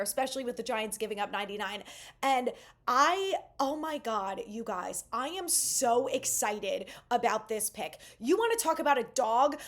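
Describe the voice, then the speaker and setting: Enthusiastic woman sports channel host. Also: fairly high pitch. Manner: enthusiastic, animated fan talk. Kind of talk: casual sports commentary.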